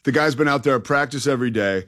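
A man's voice: medium pitch, fast talker, a bit bright. A man co-hosting a sports talk radio show, emphatic, stretching key words and laughing easily.

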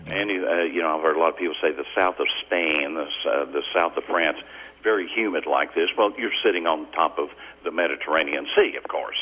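A man's voice: extremely low pitch, a little fast, pushed and bright, breathy edge, poor audio. A man, calling in to a radio show, chatty and friendly with stumbling restarts. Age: 60s. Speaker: caller. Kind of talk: casual phone chat.

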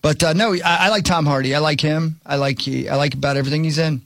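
A man with a gravelly, husky voice sits a touch higher than most men. He talks sports in a loose, folksy, rambling way. The sound is close and dry, with no room around it. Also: fairly even intonation, fast talker, a bit bright, dry recording. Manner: folksy, rambling, plain-spoken. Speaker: sports talk show host. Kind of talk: casual sports chat.

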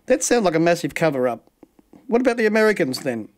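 High-voiced man co-hosting radio banter. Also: very animated, quick pace. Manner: laughing, teasing, playfully skeptical. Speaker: radio co-host. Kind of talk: casual banter on air.

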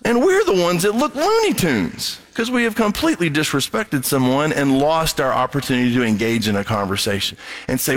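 A man preaching a sermon, animated, acting out quoted voices as he goes. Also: a little high, a little fast. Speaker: pastor.

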